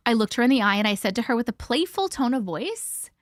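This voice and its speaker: On a live stream, a female host reads out a listener's story in a blunt, expressive way, dropping profanity and reactions throughout. Her voice sits a little high with big swings in pitch, and she talks fast. The sound is clean studio quality with no room sound.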